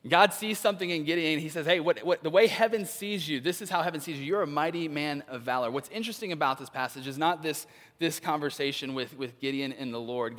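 Young guy pastor preaching, kinda high voice, acts out the bible people, long echo like a big church hall. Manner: animated, dramatizes Bible characters with quick voiced asides. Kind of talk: sermon.

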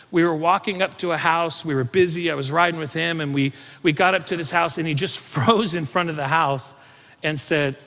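A male pastor delivers a sermon in a casual, storytelling way, reading scripture and then spinning an animated anecdote. His voice sits a little high for a man. It carries a long reverb, as if spoken in a church hall. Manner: conversational, animated storytelling with laughs.

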